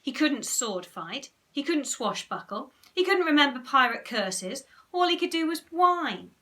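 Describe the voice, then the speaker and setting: A woman's voice: high voice, big pitch swings, a little slow, pushed and bright. A woman teacher reading a children's storybook aloud expressively and pointing out the pictures. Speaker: primary school teacher.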